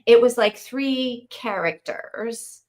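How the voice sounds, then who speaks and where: A middle-aged woman hosting a live book club stream, chatting casually and telling stories in an animated way. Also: on the high side, slow pace. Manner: chatty, animated storytelling with laughs. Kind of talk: casual livestream chat.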